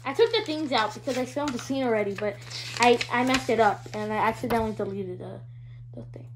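A woman's voice: a little high, brisk, noisy background. A female vlogger showing her toy collection in a hyper, giggly, rambling way. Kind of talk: casual show-and-tell vlog.

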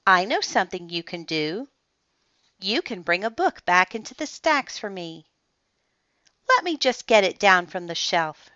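A woman voicing a kind, orderly woman librarian who is gentle but prim about the library rules, in a storybook read-aloud. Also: mid-range voice, very animated, unhurried, no echo. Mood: gentle, calm. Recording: dull lo-fi, dry sound.

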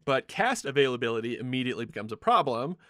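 A man's voice: mid-range voice, sing-song, fast, fairly bright tone, no echo, clean studio sound. A man hosting a podcast, casually walking his co-hosts through the history of a film production and laughing often. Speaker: podcast host. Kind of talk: casual chat.

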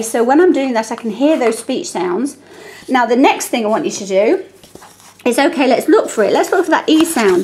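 An Australian woman tutor explaining how to teach spelling, reading rhymes aloud slowly and deliberately. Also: on the high side, darkish tone. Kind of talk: teaching demonstration.

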